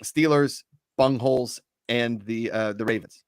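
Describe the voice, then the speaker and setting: A man's voice: mid-range voice, measured pace, smooth, dry recording, clean studio sound. A man co-hosting a casual sports talk show, giving opinionated and joking predictions.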